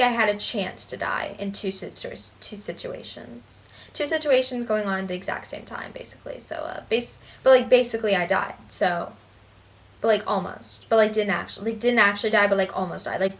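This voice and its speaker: A woman's voice: mid-range voice, very animated, brisk, creaky. Young female vlogger, chatty and sarcastic, filler-heavy delivery, slightly distant mic. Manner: rambling, sarcastic, heavy "like" and "basically". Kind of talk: storytime vlog.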